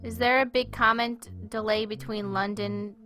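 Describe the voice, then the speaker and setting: A woman's voice: on the high side, steady tone, normal speed, sharp tone, faint music behind. A woman streaming a game, rambling through awkward, self-deprecating commentary. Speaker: let's play streamer.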